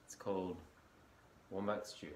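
A man gently reading a picture book aloud to a child at bedtime. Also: low voice, flat delivery, a little hiss or hum. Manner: gentle, unhurried storybook reading.

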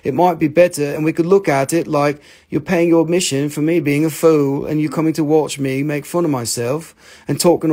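This man's voice sits on the high side with a darkish tone. He's hosting a casual live stream selling minerals, showing off stones while joking, poking fun at himself and swearing casually.

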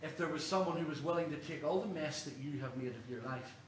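A man's voice: fairly high pitch, quick pace. Irish man preaching in an echoey church. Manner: earnest, questioning, storytelling. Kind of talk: sermon. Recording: roomy church, distant mic, faint hum.

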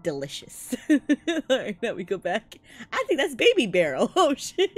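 A woman's voice: medium pitch, normal speed, slightly rough, soft background music. A woman streaming a game live, chatting jokily and laughing often, easily spooked into yelps. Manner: excitable, jokey, laughs often. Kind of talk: live gameplay commentary.

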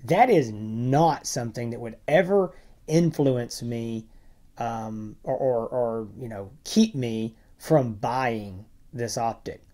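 Man, podcast co-host, casual review chat, quiet asides. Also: medium pitch, slow. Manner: conversational, trails off into quiet asides.

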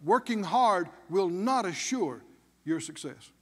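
A man's voice: high voice, animated, slow, big-room sound. A man preaching a sermon as pastor, emphatic, with call-and-response questions to the congregation.

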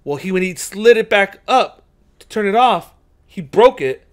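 A man's voice: sits high, animated, normal speed. A man co-hosting a podcast, telling stories in a casual chat and laughing through them. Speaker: podcast co-host.

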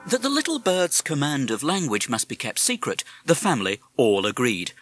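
A man narrating a children's storybook in a measured, expressive way. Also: mid-range voice, faint music behind. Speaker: audiobook narrator.

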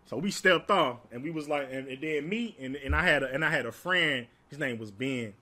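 A man's voice: medium pitch, brisk, pushed and bright. A young man from Alabama, telling profane, laugh-filled stories in a casual way. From Alabama, United States. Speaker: storyteller. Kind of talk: casual storytime.

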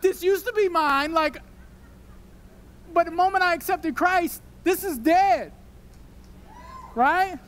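High-voiced young man preaching. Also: slow pace, long pauses, a little hiss or hum. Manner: animated, emotional preaching that drops to a soft prayer. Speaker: pastor. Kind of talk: sermon. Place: church worship service.

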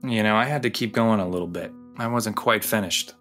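A man with a lowish voice tells a personal story as a podcast host, intimate and confessional. He slows down on the phrases that matter most. Faint music plays underneath. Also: fairly bright tone. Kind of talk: personal narration over music.

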